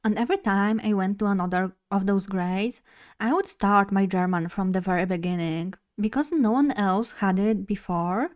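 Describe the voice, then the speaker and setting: A woman's voice: mid-range voice, darkish tone. A young woman, chatting casually and rambling a little as a streamer, laughing at herself often. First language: Polish. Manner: rambling, chatty, self-deprecating, quick to laugh. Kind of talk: casual live-stream chat.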